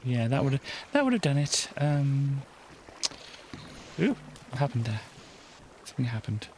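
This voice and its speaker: A woman's voice: rumbling low, very animated, a little slow, darkish tone, slight background noise, poor audio. A woman streaming a game, chatting casually and giggling as she reads item names aloud. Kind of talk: casual gameplay chat.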